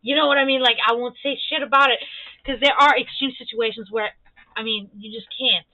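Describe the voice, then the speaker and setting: A woman's voice: a little high, fairly even intonation, fairly quick, sharp tone, no echo. Blunt, profane woman on tinny audio. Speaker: streamer. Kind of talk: casual opinionated monologue.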